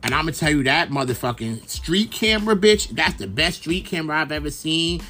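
A man's voice: fairly high pitch, lively intonation, brisk, sharp tone, faint music behind. A young man from Brooklyn, hosting a casual, rambling gossip monologue full of fillers and swearing. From Brooklyn, New York. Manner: chatty, profane, rambling with many fillers. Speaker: podcast host.

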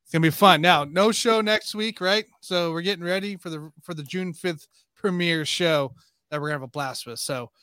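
A man's voice: on the high side, moderate pace, bright, forceful tone, no room sound, clean studio sound. A man hosting a casual sports talk show who keeps the conversation moving and reassures his co-host.

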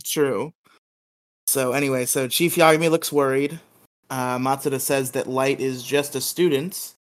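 A man's voice: mid-range voice, steady tone, a little slow. A man co-hosting a casual podcast, teasing his partner dryly and recapping a show episode. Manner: dry teasing, laughs often. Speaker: podcast co-host.

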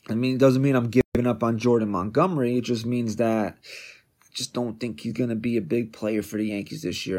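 A man's voice: medium pitch, darkish tone. A man hosting a sports podcast, delivering a combative, sarcastic rant full of jabbing questions. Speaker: podcast host.

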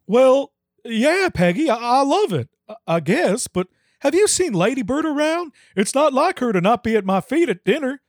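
A folksy middle-aged Texan father drawls and sighs "oh" between every phrase, as a man puts him on for a comedy podcast. His pitch swings widely, and the sound is dry and close. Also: very animated, normal speed, no room sound. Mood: puzzled. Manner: drawling, exclaims "oh" constantly.

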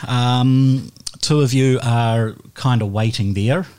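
A man's voice: medium pitch, steady tone, slow, darkish tone, smooth. A man narrating a tabletop role-playing game as game master, often laughing.

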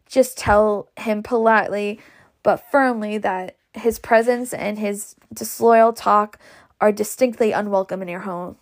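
A woman's voice: medium pitch, fairly even intonation, a little slow, lightly acted. A woman voicing a stout, indignant older matron who scolds self-righteously.

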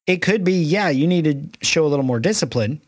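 A middle-aged man co-hosting a casual faith discussion podcast, talking in halting bursts with many restarts. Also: a little high, expressive, no room sound, studio quality. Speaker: podcast co-host.

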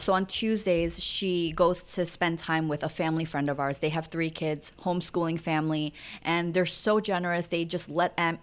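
Candid chatty mother telling stories. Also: on the low side. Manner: candid, chatty storytelling with acted-out quotes. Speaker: podcast co-host. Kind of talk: casual chat.

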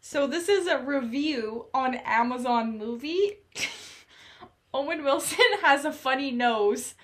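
High-voiced playful young woman. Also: takes it slowly. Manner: laughing, playful. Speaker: co-host. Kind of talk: casual chat.

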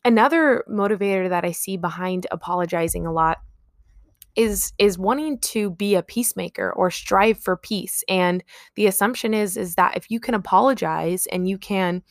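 Young woman doing a solo podcast, kinda creaky voice, dry close sound, earnest and chatty. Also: mid-range voice, normal speed, no room sound. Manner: earnest, reflective, acts out little example quotes. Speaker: podcast host.

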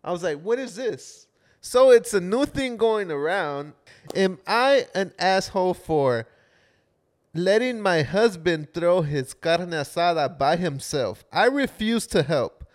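A man co-hosting a podcast, chatting casually into a studio mic. His voice sits a little high for a man. He is laid-back, laughs often and slips Spanish phrases into his talk. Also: expressive, slow pace. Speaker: podcast co-host. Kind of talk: casual chat.

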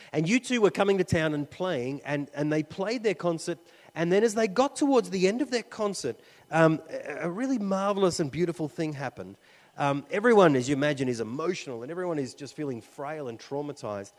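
A man's voice: a little high, animated, brisk. Preaching man in a reverberant hall. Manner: conversational, with frequent fillers and restarts. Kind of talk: sermon with storytelling.

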